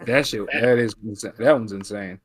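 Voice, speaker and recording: A man's voice: lowish voice, fairly even intonation, moderate pace, slightly rough. An American man co-hosting a sports watch-along, bantering in loose, slangy talk. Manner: slangy, laid-back banter. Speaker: co-host. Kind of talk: casual watch-along chat.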